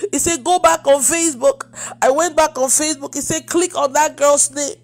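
A woman's voice: high voice, steady tone, moderate pace. A woman preacher giving an emotional testimony, acting out the dialogue as she tells it. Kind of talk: testimony sermon.

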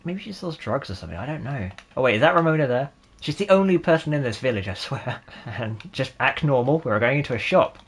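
A man's voice: medium pitch, expressive, brisk, slightly rough. A man in his twenties giving sarcastic, jokey let's-play gaming commentary and laughing often. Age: 20s. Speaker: gaming channel host.

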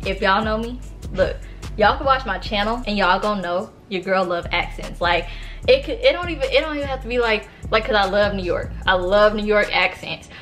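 Speaking a little fast in a mid-range, somewhat bright voice, this early-twenties Sacramento vlogger shares a laid-back storytime over soft music. She chats directly to her audience as y'all, leaning heavily on fillers.

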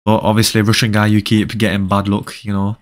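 A man's voice: fairly low pitch, completely flat delivery, brisk. A young man chatting casually with viewers during a live game stream, often repeating short phrases.

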